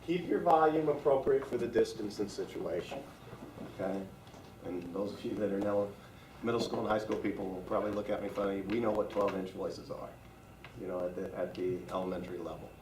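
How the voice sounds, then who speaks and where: A man's voice: on the low side, fairly quick, noisy background. A man leading a staff training class, talking conversationally and asking the room questions. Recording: echoey room from far off.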